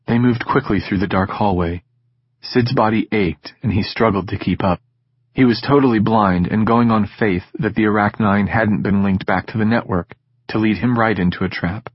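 A man narrating a science fiction audiobook in measured, steady storytelling. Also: lowish voice, breathy edge, muffled recording. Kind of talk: scripted narration.

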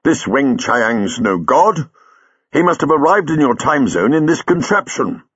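A man's voice: mid-range voice, very animated, a little slow, a bit bright, breathy edge, no room sound, lo-fi sound, pitched above the performer's own voice, full character voice. A man voicing a brooding, eccentric male traveller who muses thoughtfully and bursts out sharply. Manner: thoughtful, abrupt bursts of anger.

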